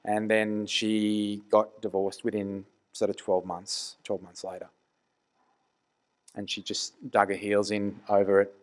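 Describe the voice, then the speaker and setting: A man's voice: on the low side, completely flat delivery, unhurried. Earnest man preaching a sermon. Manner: conversational, earnest, rhetorical questions.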